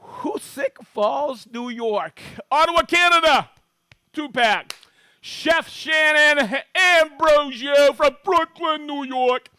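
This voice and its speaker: Middle-aged host from Maine, high and bright, dry close sound; chatty, jokey live-stream presenter reading out viewer shout-outs. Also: male voice, slow pace, dry recording. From Maine, USA. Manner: chatty, jokey, reads out viewer locations with bursts of excitement. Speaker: livestream host demonstrating tools.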